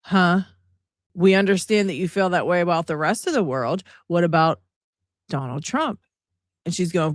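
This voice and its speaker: A woman's voice: lowish voice, lively intonation, normal speed, long pauses, no echo, studio quality. A woman hosting a reaction video, talking to viewers with exasperated, sarcastic commentary. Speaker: commentary channel host.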